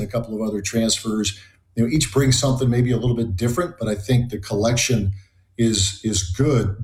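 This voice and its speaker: A man giving measured, analytical commentary on a sports talk show. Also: on the low side, a little mellow, reverberant.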